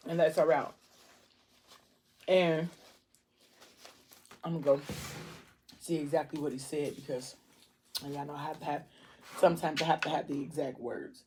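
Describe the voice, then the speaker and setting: A woman's voice: deep voice, steady tone, moderate pace, long pauses, a little mellow, a little hiss or hum. A woman book vlogger in casual chat, retelling scenes in a chatty way with lots of "like"s.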